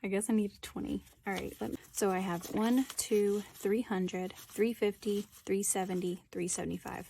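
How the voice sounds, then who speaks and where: A woman's voice: mid-range voice, fairly even intonation, moderate pace, creaky, hardly any pauses, warm tone, a little hiss or hum. Chatty young woman vlogging from her floor. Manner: chatty, self-deprecating, counting bills aloud under her breath. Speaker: budgeting vlogger. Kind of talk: casual chatty narration. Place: indoors, sitting on the floor at home.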